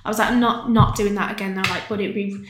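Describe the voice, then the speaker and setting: A woman's voice: medium pitch, fairly even intonation, fast talker, roomy sound. A woman, a podcast guest, telling a personal story in casual chat. She is candid and chatty and often breaks into laughter.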